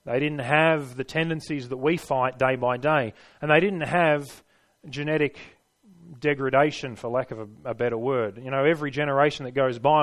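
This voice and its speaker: Man preaching an emphatic, measured sermon. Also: mid-range voice, a bit bright. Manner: measured, emphatic, repeats phrases for rhythm.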